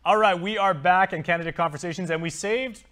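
A man's voice: high voice, fairly bright tone. A man hosting a TV talk show, interviewing guests in a casual, joking way. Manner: fast-talking, joking with guests.

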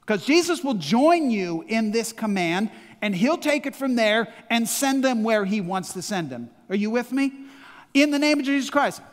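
In a large church hall with long reverb, a man in his 60s with a Midwestern accent delivers an emphatic call-and-response sermon. His voice sits high and sounds expressive, at a normal pace.

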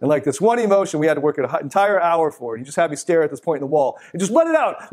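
A man's voice: fairly high pitch, big pitch swings, very fast, few pauses, a little mellow. A middle-aged man giving a live motivational talk. He is blunt and swears freely, and he breaks into little performances of the people he quotes. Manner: blunt, profane, acts out quoted voices.

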